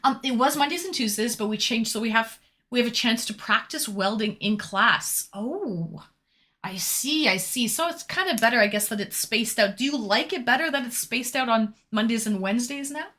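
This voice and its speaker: Bright, chatty woman streamer. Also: a little high, animated, normal speed. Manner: chatty and teasing, reads chat aloud, swears casually. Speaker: live streamer. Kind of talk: casual live-stream chat reading viewer messages.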